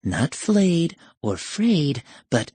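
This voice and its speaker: A male reader playing a petulant, spiteful young woman in an audiobook, whining in a high, breathy voice. The sound is airy and strained, far from his plain voice. It is recorded close and dry. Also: big pitch swings, extremely slow, dark tone, dry recording, full character voice. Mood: whiny. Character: spiteful young woman, monster posing as coed.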